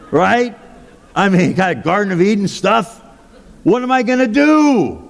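A man's voice: high voice, lively intonation, unhurried, gravelly. A male pastor preaching a sermon, telling a personal story in a chatty way with asides like "okay?" and "right?". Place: large church hall. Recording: long hall reverb.

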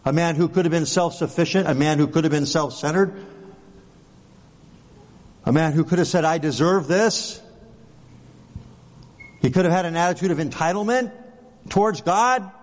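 A man's voice: on the high side, brisk, pauses often. A man preaching a sermon as pastor, speaking conversationally and often checking in with "right?". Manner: conversational, rhetorical questions, often adds "right?". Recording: long hall reverb.

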